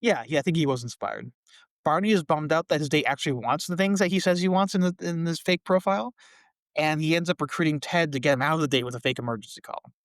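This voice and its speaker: A man co-hosting a podcast, casually recapping a sitcom episode with a relaxed, chatty delivery. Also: on the high side, quick pace, no room sound, studio quality. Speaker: podcast co-host.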